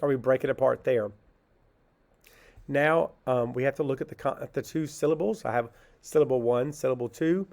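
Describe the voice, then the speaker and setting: Patient man teaching phonics, gravelly voice. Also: mid-range voice, darkish tone. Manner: slow, patient, asks questions and answers them himself; sounds words out syllable by syllable. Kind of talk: phonics lesson for children.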